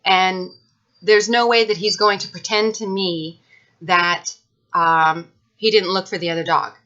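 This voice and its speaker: A vlogger talks to camera about her own experience, frank and emphatic, with many fillers and restarts. Her voice is fairly low and steady, a little slow and a bit bright, though the audio sounds dull.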